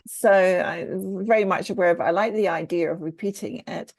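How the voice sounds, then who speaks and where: A Scottish woman with a low, mellow voice chats on a video call. She thinks aloud and restarts her sentences. The sound is dry and close. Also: moderate pace, gravelly, no echo. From Scotland. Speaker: coach. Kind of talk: group discussion on a video call.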